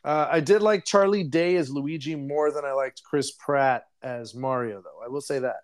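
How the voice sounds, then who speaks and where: A young man co-hosting a podcast casually recaps a film, rambling as he goes and laughing often. It's a relaxed chat and movie review, delivered in a mid-range voice at a moderate pace.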